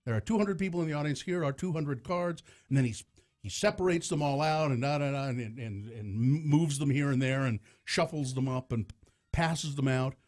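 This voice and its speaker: A man's voice: fairly high pitch, moderate pace, darkish tone. A middle-aged man, host of a radio show, telling a story in casual talk and laughing often. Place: radio studio.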